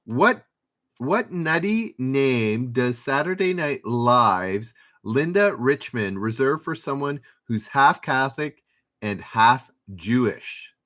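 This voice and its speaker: A man's voice: medium pitch, animated, slow, a bit bright. A man hosting a trivia livestream, reading out questions and viewers' names with dry little asides.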